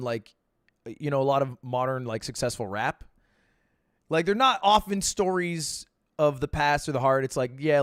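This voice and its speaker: A man streaming and giving casual commentary on music, talking in a relaxed, rambling way with lots of fillers and some teasing. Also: a little high, dry recording, studio quality. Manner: relaxed, talky, full of "like" and "you know", teasing.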